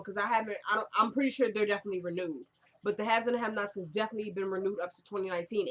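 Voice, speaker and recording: A woman's voice: medium pitch, fairly bright tone. A young woman recapping a TV episode in casual chat, rambling and talking straight to her viewers at home.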